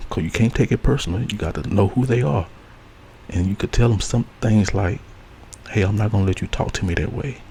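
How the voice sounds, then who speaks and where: A man's voice: lowish voice, creaky, warm tone, a little hiss or hum, poor audio. A man hosting an ASMR spiritual advice talk, speaking earnestly and repeating key phrases like a preacher. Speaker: host.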